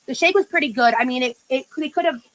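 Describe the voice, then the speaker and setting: A woman's voice: sits high, fast, poor audio. A young woman livestreaming in casual chat, talking with valley-girl uptalk and lots of "like".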